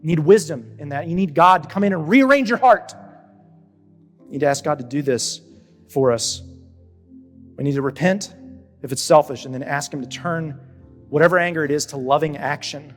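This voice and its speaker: A younger man, a pastor, preaching a conversational sermon with animated stops and restarts. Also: fairly high pitch, moderate pace, pauses often, soft background music. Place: church auditorium. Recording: church hall with long reverb.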